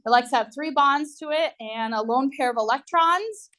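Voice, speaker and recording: In a recorded university chemistry lecture, a woman with a somewhat high, fairly bright voice explains things loosely and conversationally. She pauses on fillers and keeps checking in with the class.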